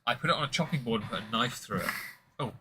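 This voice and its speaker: A man's voice: medium pitch, quick pace, sharp tone, slight background noise, low-quality recording. A man hosting a casual whisky tasting stream, rambling and joking with many fillers.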